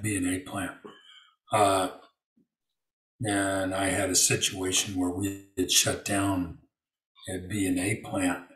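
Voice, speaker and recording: A man telling a work story in a relaxed interview, using lots of fillers and acting out what people said. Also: low voice, roomy sound, distant mic, poor audio. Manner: storytelling with many fillers and acted-out quotes. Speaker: guest. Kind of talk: conversational interview.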